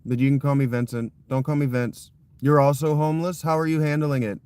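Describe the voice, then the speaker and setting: A man's voice: mid-range voice, level tone, fairly quick, darkish tone, clear, resonant tone, no room sound, low-quality recording. Rambling man livestreaming from a tent. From Ohio. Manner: rambling, easily frustrated, apologetic. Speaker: livestreaming creator. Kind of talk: casual livestream chat. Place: inside a wet tent, in a sleeping bag. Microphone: phone camera set down close.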